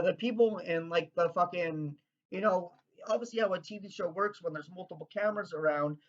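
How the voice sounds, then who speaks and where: Man from Canada, slightly high voice, excitable profane rambling, muffled lo-fi sound. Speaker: vlogger. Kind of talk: casual rant.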